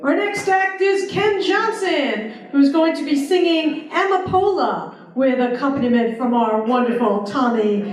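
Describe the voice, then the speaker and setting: A woman emceeing a show, introducing the next act from notes in a chatty manner. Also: high-pitched. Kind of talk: introducing acts. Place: senior center hall. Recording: echoey hall from far off.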